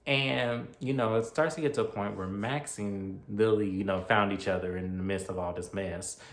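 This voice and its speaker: Man, movie reviewer, casual recap, low-ish voice, echoey room. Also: fairly even intonation, moderate pace. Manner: chatty, acts out character lines.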